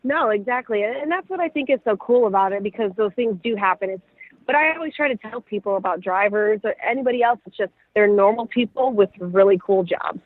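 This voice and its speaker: A woman's voice: medium pitch, fairly quick, dry recording. Woman on a tinny phone line. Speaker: rally reporter guest. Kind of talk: casual chat.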